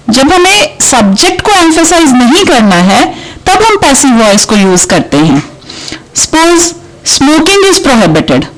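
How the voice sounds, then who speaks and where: Woman, Indian accent, young adult, teacher, recorded lesson, high voice, rhetorical questions. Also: low-quality recording. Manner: explanatory, poses rhetorical questions then answers them. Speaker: English teacher.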